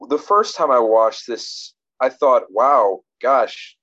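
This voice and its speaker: A man's voice: medium pitch, very animated, a little slow, fairly bright tone, dull audio. A man in casual conversation about a film, thinking aloud with frequent restarts. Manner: rambling, many restarts and fillers, reflective. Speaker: podcast co-host discussing a film.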